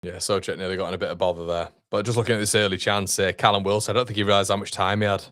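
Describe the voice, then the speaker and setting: A man's voice: deep voice, flat delivery, very fast, fairly bright tone, no echo, clean studio sound. A man hosting a live football watchalong, reacting to the match and reading out chat messages. He swears, repeats himself and trails off, and his voice jumps up on near chances.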